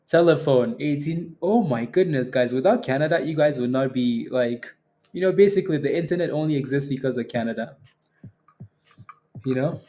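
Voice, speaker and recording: A man's voice: mid-range voice, dark tone. A man hosting a casual stock trading livestream, joking around with his viewers and laughing often.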